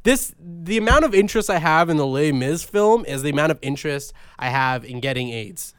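A man's voice: a little high, animated, fairly quick, a bit bright, clean tone, no echo, clean studio sound. A young man co-hosting a movie podcast, ranting and joking with lots of swearing. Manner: profane, rambling, mock-ranting. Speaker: podcast co-host. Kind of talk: casual comedic chat.

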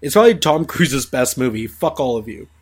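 A man hosting a casual chat about movies, swearing freely and giving animated opinions. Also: mid-range voice, a little fast, husky. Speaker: podcast host.

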